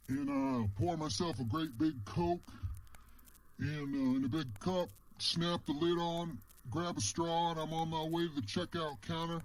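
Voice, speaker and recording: A man's voice: fairly high pitch, poor audio. A man telling a story casually in the first person, rambling and ending many phrases with "man".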